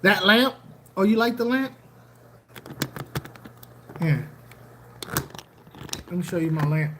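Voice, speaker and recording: An aquarium channel host chatting casually on a livestream, animated and joking, often repeating phrases. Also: medium pitch, slow, background noise.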